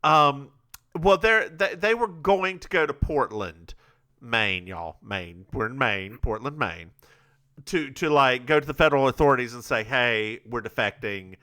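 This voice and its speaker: A man's voice: mid-range voice, measured pace, sharp tone. A man co-hosting a podcast, recapping a TV episode in casual, rambling, stop-start chat. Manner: says he is bad at accents. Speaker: podcast co-host.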